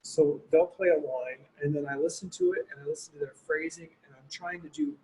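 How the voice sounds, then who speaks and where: A guest horn player answers questions on a video call, giving reflective, rambling replies packed with "you know" and "like." His voice is on the high side and a little mellow, with wildly swooping pitch and a brisk pace. The low-quality recording carries slight background noise.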